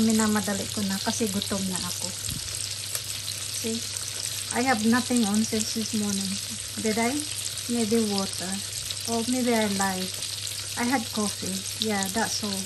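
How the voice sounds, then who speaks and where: A woman's voice: a little high, very noisy. A woman in her forties from the Philippines with a Bisaya accent, chatting casually in her home kitchen for her vlog. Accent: Bisaya-accented English. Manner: chatty, switches between English and Tagalog. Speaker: vlogger.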